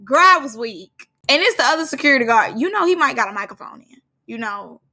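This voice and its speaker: In a bright, cutting, high voice, a woman recaps a reality show as loose, slangy gossip, talking fairly quickly. She's animated and laughs frequently throughout her casual commentary.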